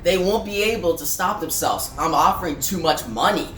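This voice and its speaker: A woman's voice: fairly low pitch, lively intonation, normal speed, a bit bright. A woman voicing a menacing male clown villain who taunts and gloats, recorded in a roomy space with faint music behind. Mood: gloating.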